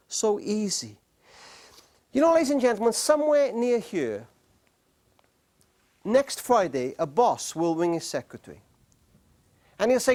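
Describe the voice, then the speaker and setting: This is a man giving a talk to a live studio audience, and his voice rises and falls in a very lively way. He tells stories dramatically, slows down to repeat key phrases, and sinks almost to a whisper to make a point. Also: very high-pitched. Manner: dramatic storyteller, drops to near-whispers for emphasis. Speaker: speaker on marriage.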